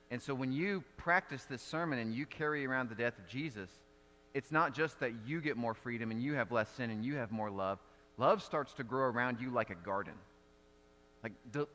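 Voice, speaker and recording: A man preaching a sermon as pastor, telling stories in a conversational, animated way. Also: medium pitch, in a large hall, slight background noise. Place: church sanctuary.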